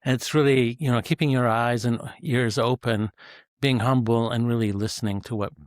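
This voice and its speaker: A retired male executive guest on an interview podcast, talking in a measured, reflective way with frequent fillers. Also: medium pitch, steady tone, dry recording, studio quality. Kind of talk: conversational interview answers.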